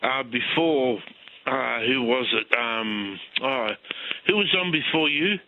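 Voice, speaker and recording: An Australian man rings a radio show and chats in a friendly way, pausing for um and uh as he goes. His voice comes through a dull, muffled phone line. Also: mid-range voice, a little hiss or hum. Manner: friendly, chatty, hesitant with fillers. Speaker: caller. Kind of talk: casual phone-in chat.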